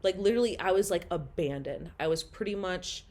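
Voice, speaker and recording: A woman's voice: fairly low pitch, brisk, darkish tone. A young woman telling her own story in a rambling, candid way, full of "like" and blunt swearing.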